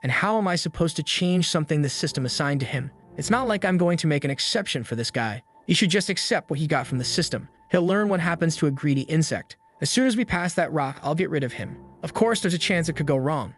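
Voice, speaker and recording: A woman's voice: sits low, expressive, fast talker, hardly any pauses, faint music behind. A man voicing a haughty, scheming female angel guide who speaks with contempt and threats. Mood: scornful.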